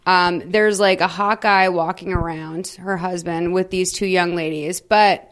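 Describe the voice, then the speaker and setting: A woman co-hosting a podcast, recapping a film in casual chat, candid and quick to swear. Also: on the low side, fairly even intonation, fairly bright tone. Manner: candid, swears freely, acts out quotes. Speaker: podcast co-host.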